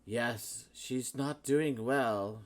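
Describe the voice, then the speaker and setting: A man's voice: mid-range voice, drawn-out words. A man voicing an elderly male tower keeper who sighs and frets over his broken tower. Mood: weary.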